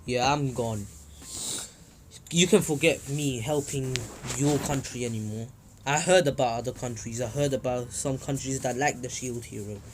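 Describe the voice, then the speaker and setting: A man's voice: mid-range voice, moderate pace, noisy background, pitched below the performer's own voice, lightly acted. A man voicing a blunt, defiant young ninja hero who talks with casual bravado.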